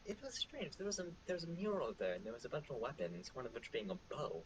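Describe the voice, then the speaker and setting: A man plays his character in a tabletop game, asking wry, probing questions. His pitch moves around a lot, and faint noise is heard behind him. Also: very animated, fast talker. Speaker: player. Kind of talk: in-character tabletop role-play.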